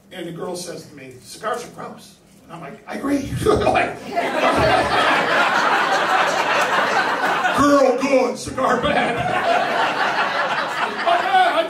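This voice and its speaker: A man's voice: high-pitched, heavy background noise. A male stand-up comedian telling a profane story on stage in a comedy club, laughing through his punchlines. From Binghamton, New York.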